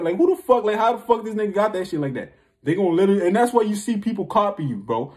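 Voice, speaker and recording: Fast-talking emphatic young man. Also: fairly high pitch, a little mellow. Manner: emphatic, profane, repetitive. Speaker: spiritual vlogger. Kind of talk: casual spiritual monologue.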